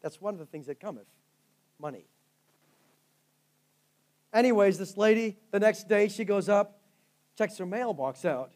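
A man's voice: high voice, animated, unhurried, pauses often, darkish tone. A male pastor preaching a sermon, telling stories with fervent rises and drops in volume. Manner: fervent storytelling preacher, rising and falling in volume.

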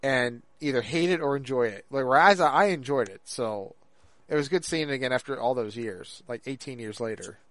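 A man's voice: medium pitch, a bit bright, no room sound. Rambling man, podcast co-host, dry sound. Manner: rambling, halting with many fillers and restarts. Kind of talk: casual chat.

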